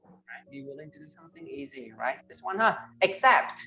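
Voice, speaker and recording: A male English teacher with a Vietnamese accent leads an online class. He models each word slowly and tags most phrases with "right?" or "huh?". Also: on the high side, sing-song, vocal fry, sharp tone. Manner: ends phrases with tag questions "right?" and "huh?"; slow, emphatic model pronunciations. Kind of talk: online class, pronunciation drilling.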